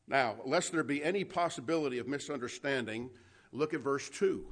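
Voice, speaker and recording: A male preacher giving a Bible-teaching sermon in a mid-range voice. He drives his points home with emphasis, slowing right down on the words that matter. He turns to his listeners with questions as he works through the text. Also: mid-range voice, fairly bright tone. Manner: emphatic, slows down to stress key words.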